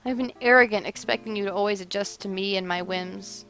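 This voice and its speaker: A woman's voice: fairly quick, fairly bright tone, soft background music, natural voice. A woman voicing a remorseful young woman who breaks off her engagement, tearful and pleading, in a dramatic story reading. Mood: earnest. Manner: tearful, pleading, high and strained.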